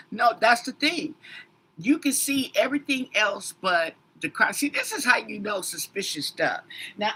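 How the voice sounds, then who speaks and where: A woman's voice: medium pitch, sharp tone, slightly rough. A woman tarot reader in a casual livestream chat, rambling and talking straight to her commenters with emphatic asides.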